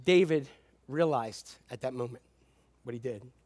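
A man preaching a sermon as a pastor, animated, swinging between loud and hushed delivery. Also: medium pitch, unhurried.

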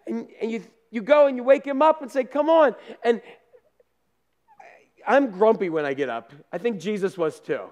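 A pastor preaching a sermon in a conversational storytelling way, with down-to-earth asides, moving between loud bursts and quiet remarks. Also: male voice, high voice, normal speed, pauses often.

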